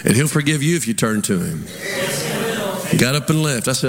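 In a church sanctuary with long hall reverb and crowd noise, a pastor preaches a sermon in an expressive, medium-pitched voice at a moderate pace. He tells stories and fires rhetorical questions at his congregation, with the audience audible.

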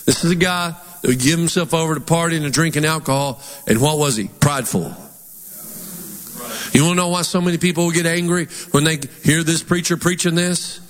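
A pastor with a Southern twang preaching a sermon in an animated, folksy way, putting on mock voices. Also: male voice, on the high side, brisk. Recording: long hall reverb.

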